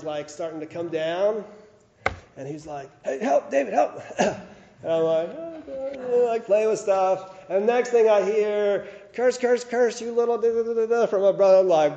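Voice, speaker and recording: A man's voice: on the high side, mellow, roomy sound, muffled recording, a little hiss or hum. A man preaching a sermon in a conversational way, with frequent fillers and restarts. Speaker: pastor.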